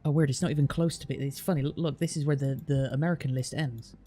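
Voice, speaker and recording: A man's voice: medium pitch, fairly even intonation, fast, mellow, faint music behind. A British man streaming, chatting casually with viewers and explaining at length, with a lot of restarts. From Britain. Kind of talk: casual chat reading viewer comments.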